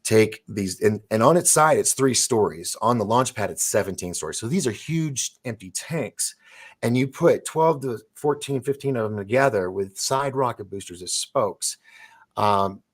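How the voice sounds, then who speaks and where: Excitable deep-voiced man telling stories. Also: normal speed, breathy edge. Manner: rambling, excitable, with many restarts. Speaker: host. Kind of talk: casual storytelling chat.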